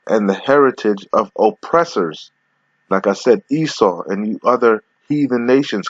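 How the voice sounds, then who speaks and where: Man, low voice, confrontational profane preacher, slow verse reading, dull lo-fi recording. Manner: confrontational, profane, repeats "okay?"; slows down to read verses aloud. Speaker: street preacher. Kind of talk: scripture reading with commentary.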